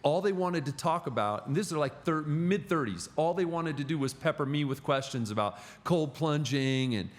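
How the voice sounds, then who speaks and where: A middle-aged man telling stories as a podcast guest in casual, animated conversation. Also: on the high side, moderate pace, few pauses. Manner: animated storyteller.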